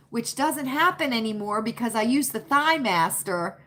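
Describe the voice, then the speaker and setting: A woman's voice: fairly high pitch, a little slow, hardly any pauses, a bit bright. A woman hosting a live stream, chatting folksily with viewers and answering their comments by name. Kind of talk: casual chat with live viewers.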